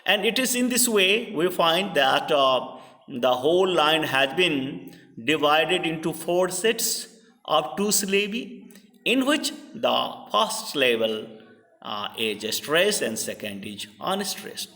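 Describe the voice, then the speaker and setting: A man with an Indian English accent giving a literature lecture, pausing often with fillers and restarts. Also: a little high, sing-song, pushed and bright. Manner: hesitant, many fillers and restarts. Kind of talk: classroom lecture. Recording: reverberant hall, voice from far off.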